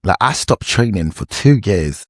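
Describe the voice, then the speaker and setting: A young man, a former reality show cast member, telling a slang-heavy story in an animated, repetitive way. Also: deep voice, unhurried, no room sound, clean studio sound. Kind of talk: storytime vlog.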